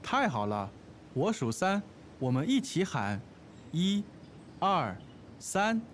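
A man plays an eager young cheerleader in a lesson dialogue. He chants with energy, his voice high and swooping, each word slow and drawn out. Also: big pitch swings, slight background noise, heavily acted. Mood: cheering.

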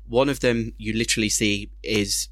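Bright-voiced man chatting. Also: lowish voice, steady tone, normal speed, no echo, studio quality. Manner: chatty, laughing, repeats words. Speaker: podcast host. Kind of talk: casual film discussion.

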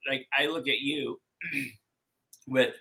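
A man talking as a guest in an interview, with a bright, pressing voice. He rambles and stops himself often, restarting sentences and filling gaps with "like.". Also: mid-range voice, steady tone, creaky, low-quality recording. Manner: rambling, halting, many fillers and restarts. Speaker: podcast guest. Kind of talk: emotional conversational interview.

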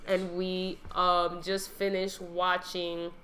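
A woman's voice: fairly low pitch, monotone, slow pace, bright, forceful tone, slight background noise, rough recording. A woman co-hosting a podcast in casual chat, enthusiastic and slangy. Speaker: podcast co-host.

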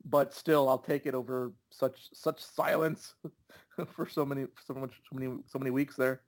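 An easygoing young man co-hosts a soccer podcast and chats loosely. His voice is at an ordinary pitch, and his talk is agreeable and full of fillers. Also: fairly even intonation, moderate pace. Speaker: podcast co-host. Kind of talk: casual soccer chat.

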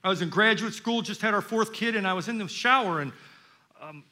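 A man's voice: high voice, fairly quick. Intense older male preacher. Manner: intense, swings from loud to hushed. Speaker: pastor. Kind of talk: sermon. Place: church.

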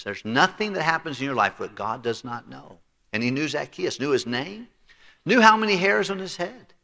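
Preaching pastor with a bright voice. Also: male voice, medium pitch, vocal fry. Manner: preaching with voiced characters and congregational read-alongs. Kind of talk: sermon. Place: church sanctuary. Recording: reverberant church sanctuary.

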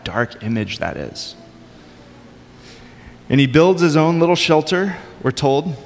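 A man's voice: medium pitch, a bit bright, long reverb tail. A man preaching a sermon in a conversational way, with casual asides. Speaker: pastor.

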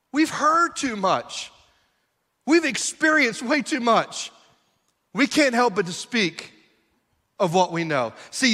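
A middle-aged man preaching a sermon with a strikingly high, bright voice. He leans on rhetorical questions and emphatic repetition, and his words ring out with a long reverb in a church hall. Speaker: pastor. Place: church sanctuary.

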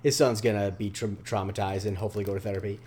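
A man's voice: lowish voice, steady tone, darkish tone, slight background noise. A man co-hosting a podcast, recapping a TV episode in casual chat, rambling with lots of fillers. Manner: rambling, filler-heavy, slips into quick voice impressions. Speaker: podcast co-host.

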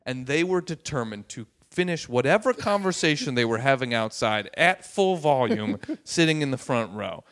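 A man's voice: mid-range voice, moderate pace, hardly any pauses. A man, a stand-up comedian, telling a story in casual chat and acting out the voices of the people in it. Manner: animated, acts out voices in quotes.

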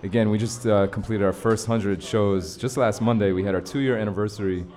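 A man hosting a live radio show from a bar storefront, talking in a relaxed, casual way and affirming his guest often. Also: on the low side, fairly quick. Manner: laid-back, affirming with frequent backchannels.

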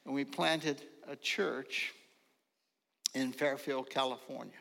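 An older man preaching a folksy sermon, telling stories slowly and now and then rising into loud ringing calls. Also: mid-range voice, fairly even intonation, gravelly. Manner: slow storytelling, bursts into loud ringing calls. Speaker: pastor. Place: church sanctuary. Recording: long reverb of a large hall.

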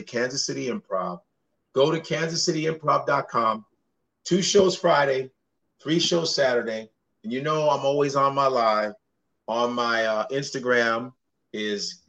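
Husky man comedian, lo-fi sound. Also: mid-range voice, fairly bright tone. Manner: loose, joking and self-promoting. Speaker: comedian guest. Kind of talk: casual chat. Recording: dull lo-fi sound.

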